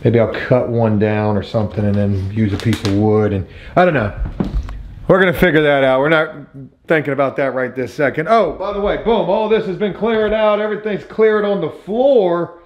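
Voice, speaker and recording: A man's voice: on the high side, moderate pace, echoey room, dull audio, slight background noise. Chatty, cussing renovation vlogger guy. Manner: chatty, profane, self-mocking. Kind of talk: casual vlog narration while working.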